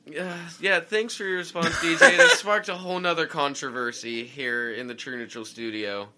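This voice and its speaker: A man's voice: fairly high pitch, moderate pace, pushed and bright, slight background noise. A young man co-hosting a podcast, arguing in exasperated, swearing rants with bursts of laughter. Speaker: podcast co-host. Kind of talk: casual banter.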